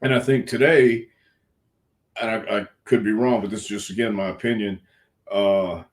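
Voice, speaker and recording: Older man, low voice, frank folksy storyteller, frog in his throat. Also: fairly even intonation, moderate pace. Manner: frank, folksy, earnest, with some cussing. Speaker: wrestling coach, interview guest. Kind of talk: casual storytelling interview.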